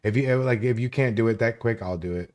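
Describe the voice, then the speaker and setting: Speaking a little fast in a mid-range, darkish voice, a man hosting a live stream rants at viewers in chat. He is combative and swears freely throughout the commentary.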